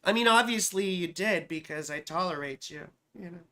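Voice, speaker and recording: A woman's voice: lowish voice, normal speed, bright, forceful tone. Profane joking woman astrologer. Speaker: astrologer hosting a livestream. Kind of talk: casual live chat reading viewer comments.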